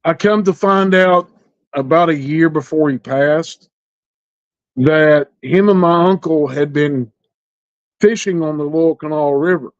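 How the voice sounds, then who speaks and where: A middle-aged man, telling a personal story as a podcast guest in plainspoken, rural speech with halting pauses. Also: a little high, smooth, dry recording. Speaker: interview guest. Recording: dull lo-fi recording.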